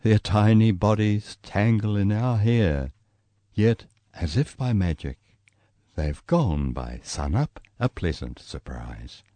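A man with a New Zealand accent reading his travel memoir aloud, storytelling in a lively way. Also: slow pace, no room sound. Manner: lively storytelling, voicing quoted people with raised pitch. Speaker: memoir reader.

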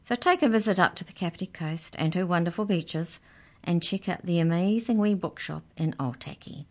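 A woman reads a children's story aloud for radio. Her voice sits low, and she chats gently with her young listeners between scenes. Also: expressive, moderate pace.

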